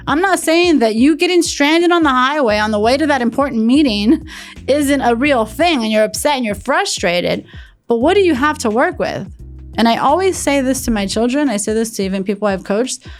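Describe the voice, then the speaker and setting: Earnest, emphatic woman podcast host. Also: on the high side. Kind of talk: motivational podcast talk.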